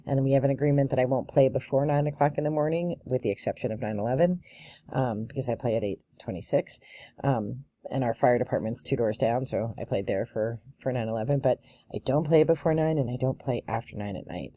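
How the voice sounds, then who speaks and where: Woman, casual vlog chat, chatty, laughs often, mellow, dry recording. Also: extremely low pitch, fairly quick, no echo. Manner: chatty storyteller, laughs often, many fillers. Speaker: bagpiper and vlogger.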